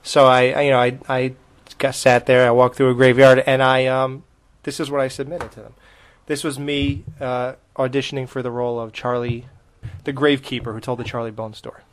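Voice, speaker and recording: A man's voice: medium pitch, level tone, brisk. A man co-hosting a podcast in casual chat, rambling and joking with frequent restarts. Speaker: podcast co-host.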